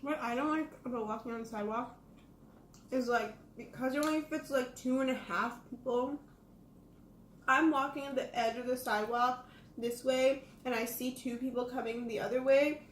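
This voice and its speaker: A young woman vlogger in casual chat, talkative and laughing often, getting animated when she complains. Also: sits high, moderate pace, slight background noise. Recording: echoey room.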